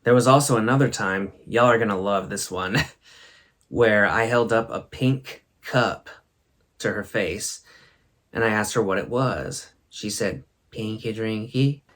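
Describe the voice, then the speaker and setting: A man's voice: lowish voice, measured pace, fairly bright tone, slight background noise. A man hosting a comedy show, telling funny stories to the camera and laughing as he talks. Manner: chuckling, laughing through his stories. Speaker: host. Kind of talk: comic storytelling to camera.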